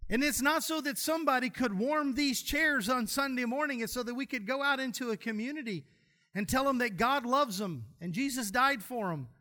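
A man's voice: extremely high pitch, normal speed, bright, forceful tone. A man preaching a sermon in a church, folksy and humorous as he tells stories. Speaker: pastor.

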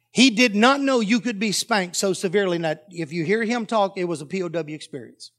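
Male pastor, high-pitched, delivers a lively story-driven sermon. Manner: animated storytelling that acts out dialogue.

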